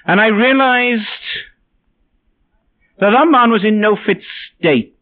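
Male preacher with a high voice, wry and self-mocking as he tells his stories, captured on a narrow, phone-like line. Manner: wry, self-deprecating storytelling. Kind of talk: sermon with personal anecdotes. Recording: tinny phone-like sound.

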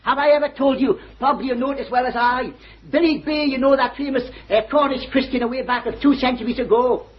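An older man preaches a sermon in a very high voice with fairly even intonation and a quick pace. He's fervent and joyful, often breaking into exclamations and laughter. The recording is old, dull, and lo-fi.

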